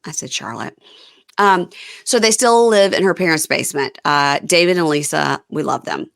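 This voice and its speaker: A woman's voice: deep voice, normal speed, gravelly, a bit bright. A woman hosting a podcast, chatting casually and rambling through a recap with frequent laughs. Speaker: podcast host.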